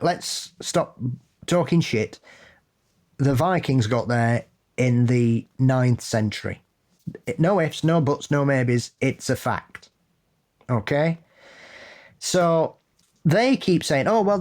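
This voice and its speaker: A man co-hosting a podcast, talking in a loose, casual way. He is blunt and sweary and holds strong opinions, and his pitch sits in the middle range. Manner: blunt, sweary and opinionated, building to animated laughing rants. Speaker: podcast co-host. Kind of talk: casual chat.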